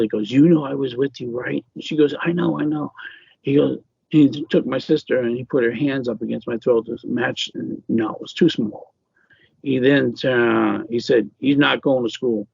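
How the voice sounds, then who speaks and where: A man being interviewed as an author, telling a personal ghost story in a halting way with many fillers and restarts. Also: medium pitch, vocal fry, darkish tone, slightly rough, dry recording, highs cut off.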